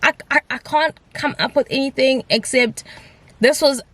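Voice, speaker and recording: A woman's voice: high voice, normal speed, fairly bright tone, no room sound. A young woman in her twenties chatting casually to camera in a rambling, upbeat way. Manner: chatty, rambling, upbeat, mixes in isiZulu phrases. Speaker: vlogger.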